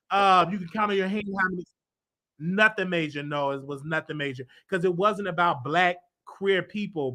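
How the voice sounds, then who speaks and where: Man, live call-in show host, slightly high voice, chatty, animated, repeats phrases. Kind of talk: casual live-stream chat with callers.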